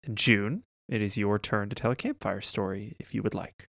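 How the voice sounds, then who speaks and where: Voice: low voice, moderate pace, vocal fry, a bit bright, no room sound, clean studio sound. A game master running a tabletop session, wry and teasing with the players.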